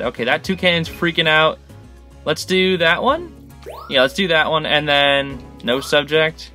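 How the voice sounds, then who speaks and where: Lively, excitable young gamer guy. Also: on the high side. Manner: excitable, talks to the creatures on screen. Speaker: gaming channel host. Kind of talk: let's-play commentary.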